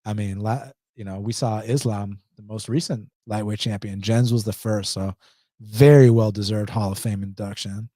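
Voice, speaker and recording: A man's voice: lowish voice, fairly even intonation, normal speed, dark tone, no room sound, studio quality. A man with an Atlanta accent hosting a live stream, reading chat questions and answering them in a blunt, casual, slangy way. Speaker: host.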